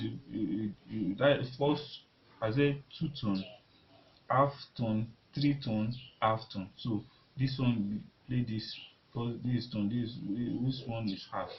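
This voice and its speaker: Man teaching piano, lowish voice, halting and repetitive, dull lo-fi sound, loud piano underneath. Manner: halting, repeats words while demonstrating at the keyboard. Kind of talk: casual piano lesson. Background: piano notes being played.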